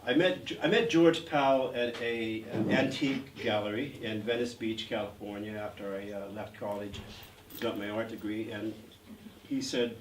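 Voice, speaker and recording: A man's voice: on the low side, steady tone, moderate pace. A man in his sixties recounts his career as a guest in an interview, rambling with frequent fillers. He is recorded from a distance in a reverberant gallery with faint background noise. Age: 60s. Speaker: actor guest. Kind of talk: anecdotal interview storytelling. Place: art gallery event.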